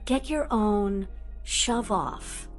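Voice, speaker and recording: A woman's voice: mid-range voice, very slow, soft background music. A woman voicing a rude, brash teenage boy wizard in a fan audiobook. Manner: blunt, mouthy.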